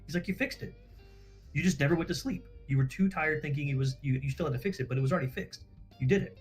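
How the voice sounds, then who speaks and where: A man's voice: a little high, very fast, slightly rough, soft background music. A man casually telling a story on a livestream, acting out quoted dialogue, swearing freely and laughing at himself.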